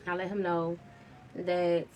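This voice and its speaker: A woman's voice: on the low side, flat delivery, slow, warm tone, faint music behind. A woman vlogger telling a personal story in a candid, casual way, swearing freely.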